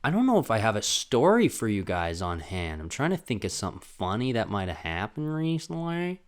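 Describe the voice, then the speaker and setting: A man's voice: fairly low pitch, sing-song, brisk, clear, resonant tone. A young man hosting a casual solo podcast, rambling and self-deprecating as he talks on his own. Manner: rambling, self-deprecating, jumps into loud sung and acted bits. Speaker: podcast host.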